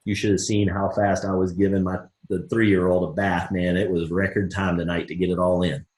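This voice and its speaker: A network marketing team leader runs a live motivational coaching call in a low, brisk voice. He's upbeat, energetic and folksy, acting out both sides of mock dialogues, and the sound has a roomy echo.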